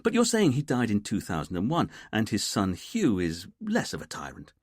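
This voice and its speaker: A man's voice: lowish voice, huge pitch swings, normal speed, husky, no echo, clean studio sound, heavily acted. A man voicing a stiff, formal detective inspector who is easily irked.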